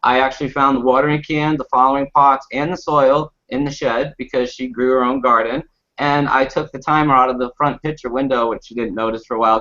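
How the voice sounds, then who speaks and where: A man on a discussion panel telling a funny personal story in a casual, animated way with lots of laughing, on a muffled recording. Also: medium pitch. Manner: animated, laughing anecdote with acted quotes. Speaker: panel guest.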